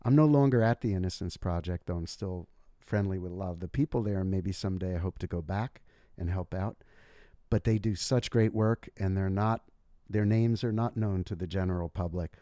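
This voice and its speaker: Low-voiced male guest, measured and careful, dry sound. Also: dark tone, no echo. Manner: thoughtful, measured, explaining carefully. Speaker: guest author. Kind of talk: casual interview talk.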